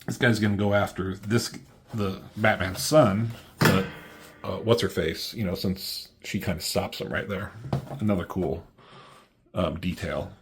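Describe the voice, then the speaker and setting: A man's voice: sits low, fairly even intonation, unhurried. A man giving a loose, profane, filler-heavy walkthrough of a comic book issue as its reviewer.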